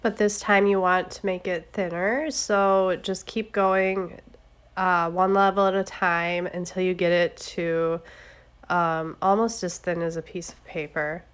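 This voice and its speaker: A woman with a stuffy, congested voice from a cold, giving a relaxed, chatty craft tutorial with step-by-step explanations. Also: on the low side, measured pace, clear, resonant tone. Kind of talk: casual step-by-step tutorial narration.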